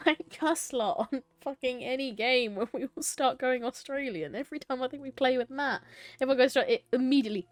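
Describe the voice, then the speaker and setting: A woman's voice: high voice, moderate pace, no echo. Playful woman streamer with faint music. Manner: playful, laughing, swears casually, chats with viewers. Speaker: game streamer. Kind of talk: casual live-stream chat, reading a choice game aloud.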